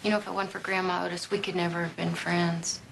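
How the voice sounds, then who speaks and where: An actress playing a caring middle-aged mother who talks in a soothing, firm and gentle way. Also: lowish voice, level tone, fast talker, creaky, background noise. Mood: earnest. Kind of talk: television drama acting.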